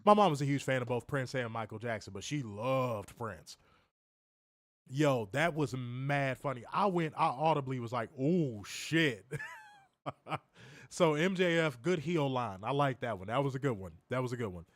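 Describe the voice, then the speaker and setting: Hoarse, foul-mouthed man trash-talking. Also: mid-range voice, lively intonation, moderate pace, no room sound. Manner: profane, mock-threatening trash talk. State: losing his voice. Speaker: wrestling show co-host. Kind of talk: casual podcast banter.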